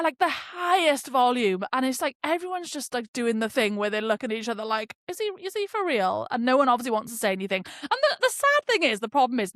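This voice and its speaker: Swearing without restraint, a young woman hosts a podcast and tells a story in a loose, ranting monologue. Her high voice has a fairly bright tone, and the studio-quality recording has no echo.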